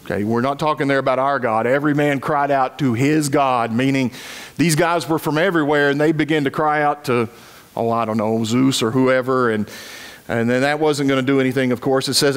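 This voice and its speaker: A man's voice: mid-range voice, steady tone, fairly quick, clean tone. A middle-aged man preaching a sermon and reading scripture aloud, with folksy, chuckling asides to his congregation and frequent restarts. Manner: stumbles and repeats words as he talks. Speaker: pastor.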